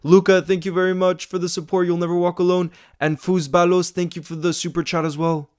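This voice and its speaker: An excitable man hosting a football fan livestream, chatting casually, saying bro a lot and reading viewer comments aloud. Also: high voice, smooth. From Iceland. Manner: excitable, fast-talking, says bro a lot.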